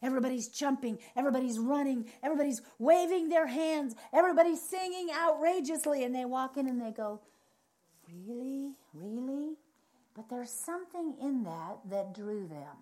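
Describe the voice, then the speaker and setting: A woman preaching a charismatic sermon, telling lively stories and repeating phrases for emphasis. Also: high voice, a little fast, few pauses. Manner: animated storytelling, acts out other people's reactions.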